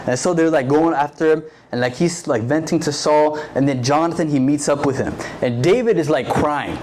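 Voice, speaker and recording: A man's voice: fairly high pitch, moderate pace, hardly any pauses, a little mellow, a little hiss or hum. Chatty young male youth preacher. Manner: chatty, constant "like" fillers, acts out quotes. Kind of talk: casual storytelling sermon.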